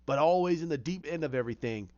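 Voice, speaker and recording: A man voicing a smug, cunning male crime boss who taunts his rival, swinging between high and low. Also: fast talker, dark tone, no room sound, natural voice. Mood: taunting. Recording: muffled lo-fi recording.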